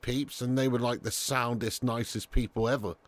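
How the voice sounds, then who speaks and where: A man's voice: mid-range voice, steady tone, normal speed. Chatty man hosting a football watch-along. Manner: casual and chatty, swears, calls viewers lad. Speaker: streamer and watch-along host. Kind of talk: live football watch-along commentary, reading chat.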